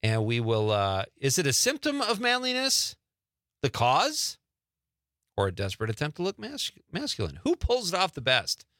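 Upbeat radio host, man, bright voice, dry studio sound. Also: fairly high pitch, wildly swooping pitch, no echo. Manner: chatty, upbeat, quick follow-up questions. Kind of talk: casual talk radio chat.

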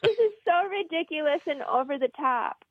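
A woman comedian chatting on a radio show, animated and rambling, laughing as she talks. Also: sits high, moderate pace, narrow, tinny audio, slight background noise. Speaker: comedian guest. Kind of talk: casual radio chat.

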